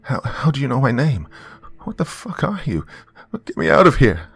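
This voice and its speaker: A man's voice: mid-range voice, big pitch swings, moderate pace, gravelly, a bit bright, breathy edge, voice pushed up, heavily acted. A man voicing a terrified young woman trapped in an asylum, pleading in a trembling, desperate voice in a horror story.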